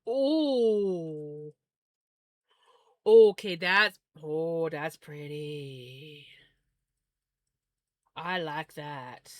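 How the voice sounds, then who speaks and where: A woman's voice: low-pitched, very slow, long pauses, no room sound. A woman livestreamer chatting casually and musing aloud while spinning yarn, often correcting herself.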